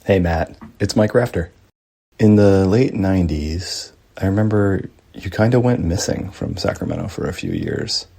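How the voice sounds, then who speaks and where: A man's voice: low voice, sing-song, moderate pace, vocal fry, warm tone. A man leaving a friendly, direct recorded question for a guest.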